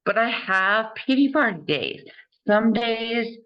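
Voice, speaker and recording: A woman hosting an interview, earnest and encouraging, speaking slowly and carefully after a stroke. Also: fairly high pitch, animated, dull audio. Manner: earnest and encouraging, laughs often. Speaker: interview host. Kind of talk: casual conversation.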